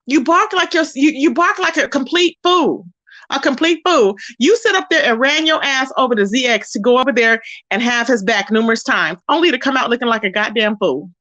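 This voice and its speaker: A woman with a high voice chats on her livestream. She reads the chat out loud and roasts a rival with sass. She drawls pet names like baby and boo between her jabs. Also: expressive, a little fast. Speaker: livestream host.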